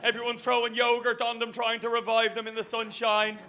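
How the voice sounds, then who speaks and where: An Irish man doing a stand-up set on a comedy stage. He talks briskly and chattily and works the crowd with asides. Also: very high-pitched, completely flat delivery, bright, forceful tone, a little hiss or hum. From Ireland. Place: comedy venue stage with audience.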